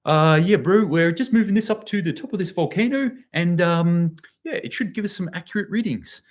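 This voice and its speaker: A laid-back New Zealand bloke with a mock New Zealand accent, as a deep-voiced man puts him on. The voice jumps up high and sounds casual and mocking, in a cheeky impression. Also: a little fast, lightly acted.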